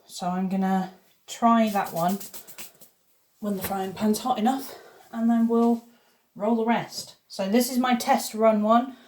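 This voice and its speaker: Brief: woman, home cooking vlogger, chatty and upbeat, mid-pitched voice, talking while she cooks in her kitchen. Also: steady tone, unhurried, darkish tone, a little hiss or hum. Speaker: YouTuber baking at home. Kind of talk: casual cooking vlog.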